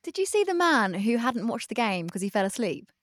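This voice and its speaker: A young woman, co-hosting a casual sports podcast, chatty and quick to laugh, a self-described sports novice. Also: a little high, sing-song, no room sound, clean studio sound. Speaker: podcast co-host.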